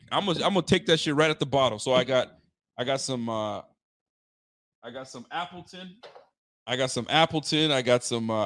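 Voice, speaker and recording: A man's voice: mid-range voice, fairly bright tone, dry recording, studio quality. A man hosting a casual live sports stream, talking loose, laughing, streetwise banter with lots of slang. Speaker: sports channel host. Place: room at home with a bar behind.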